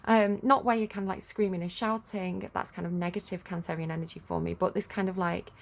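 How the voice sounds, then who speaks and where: Rambling, gravelly-voiced woman tarot reader. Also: lowish voice, steady tone, fairly quick. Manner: chatty, rambling, many fillers. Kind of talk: casual tarot reading monologue.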